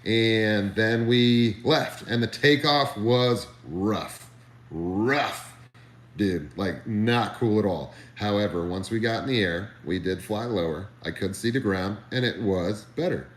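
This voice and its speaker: A man on a live stream telling a comedic story, animated, ranting and swearing freely. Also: on the low side, slow, reverberant.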